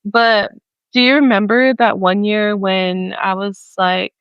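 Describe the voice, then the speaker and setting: A young woman talks casually on a podcast, chatty and loose, stringing thoughts together with plenty of fillers. Her voice is smooth and clear in a dry, close space. The sound is a little dull and lo-fi. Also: mid-range voice, takes it slowly, no room sound. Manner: chatty, many fillers, acts out quoted voices. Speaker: podcast co-host. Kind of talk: casual chat.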